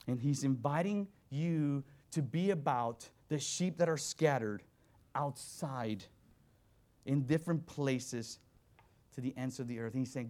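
A man delivers a sermon from the pulpit in a fairly high voice. He moves from fervent, rising calls to action to quiet, hushed readings of scripture. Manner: impassioned, swings between loud exhortation and hushed reading. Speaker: guest preacher, missions worker.

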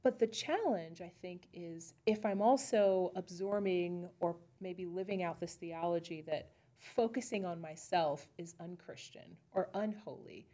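A woman's voice: lowish voice, measured pace, hardly any pauses, dark tone. A woman pastor co-hosting a podcast, talking through ideas in a thoughtful, searching way and often restarting her sentences. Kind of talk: casual faith chat.

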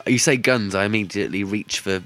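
English man, bright tone, comedy podcast co-host, jokey banter. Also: fairly low pitch, brisk. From Birmingham, England. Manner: jokey, builds absurd lists with laughter.

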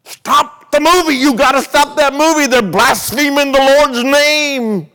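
A preacher doing a devout nineteenth-century man thrown into modern times, crying out in pious outrage and pleading for others to stop. His voice climbs high and loud as he begs, scandalized by everything he sees. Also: unhurried, in a large hall, lightly acted. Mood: alarmed shouting. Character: shocked pious man from the 1800s.

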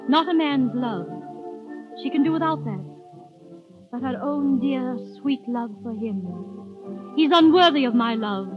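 A woman's voice: high voice, animated, unhurried, pauses often. A young woman voicing a schoolmistress who poses as a coquettish niece, speaking theatrically with frequent sighs and exclamations in an old radio drama. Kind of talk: 1930s radio drama acting. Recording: tinny lo-fi old radio broadcast with faint music.

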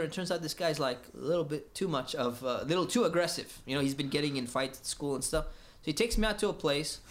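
Man from the US, casual storyteller, lively, acts out the dialogue, slightly high voice. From United States. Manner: animated, laughs often, acts out dialogue.

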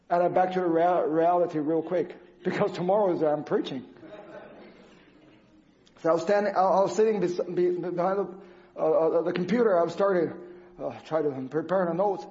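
High-voiced man giving a halting testimony. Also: steady tone, mellow. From Canada. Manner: earnest, halting, non-native phrasing with restarts. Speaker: church speaker. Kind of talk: personal testimony sermon. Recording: dull lo-fi sound.

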